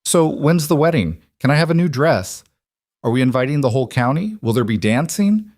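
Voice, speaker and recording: A man voicing an excited, smug young girl who fires off eager questions in a storybook western. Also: medium pitch, normal speed, no room sound, clean studio sound. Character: girl, teen, excited and chatty, a little smug.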